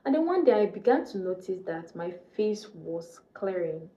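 A young woman from Nigeria shares a faith testimony to her camera and repeats phrases for emphasis. Her voice is mellow and sits in a roomy, slightly dull-sounding home room. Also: fairly low pitch, sing-song, moderate pace. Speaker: vlogger.

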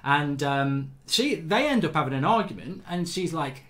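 A man hosting his show, casually telling a school story to viewers and acting out loud quotes, then saying he feels fatigued. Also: on the high side, moderate pace, hardly any pauses. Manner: animated anecdotes with loud acted-out quotes. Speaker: host.

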